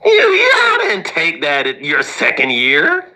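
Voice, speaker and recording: A man's voice: fairly high pitch, huge pitch swings, slow pace, bright, forceful tone. A man giving casual stock market lessons in a joking, teasing way, laughing often.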